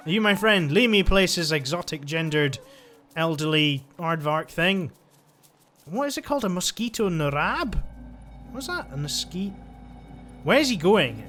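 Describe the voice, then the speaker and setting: A man commentating his own gameplay in an excitable, gushing way, laughing often. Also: on the high side, moderate pace. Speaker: gaming channel host. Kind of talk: let's play commentary. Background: faint game music.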